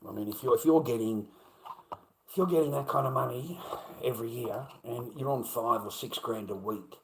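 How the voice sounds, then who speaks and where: This Australian livestreamer speaks at a mid-range pitch and normal speed on a low-quality recording with a little hiss or hum. He rambles coarsely and combatively in slang, regularly trailing off into mumbling.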